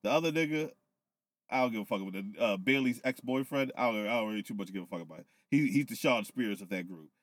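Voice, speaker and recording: A man on a podcast, casually recapping wrestling with loose, profane, animated storytelling, a little tipsy. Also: fairly low pitch, fast, dry recording. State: tipsy from whiskey. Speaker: podcast co-host.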